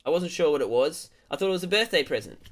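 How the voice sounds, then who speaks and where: Animated, rambling male game streamer. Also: on the high side, fast talker. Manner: rambling, playful, jumps into loud excited outbursts. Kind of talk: comic storytelling to stream chat.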